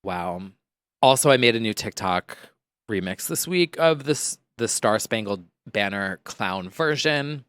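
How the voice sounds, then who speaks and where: Male podcast co-host, casual and quick to laugh, dry sound. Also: fairly low pitch, animated, a bit bright, clear, resonant tone, dry recording. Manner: playful, quick to laugh, chatty. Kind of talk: casual chat.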